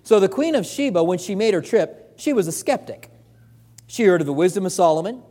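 A man's voice: high voice, animated, fairly quick, dark tone, in a large hall. A man preaching a sermon as pastor, earnest and conversational, repeating points for emphasis.

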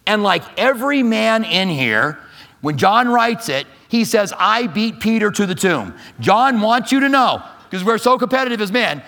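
A middle-aged male pastor preaching a sermon, telling a story with big swings between loud, animated stretches and hushed, quiet ones. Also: high-pitched, normal speed.

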